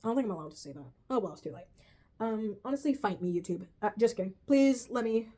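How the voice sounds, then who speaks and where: A young woman rants to her viewers in casual video commentary, exasperated and peppering her talk with swearing and "bro". Her voice sits high and jumps all over the place as she gets worked up. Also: expressive, fast talker, dark tone. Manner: exasperated, swears a lot, says "bro" often. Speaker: vlogger.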